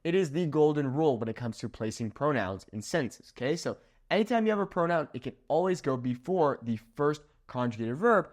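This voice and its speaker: A man's voice: a little high, brisk. A man teaching a grammar lesson at a whiteboard, explaining step by step and checking in with "okay?" after each point. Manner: animated, checks in with "okay?" often. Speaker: Spanish teacher. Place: room with a whiteboard.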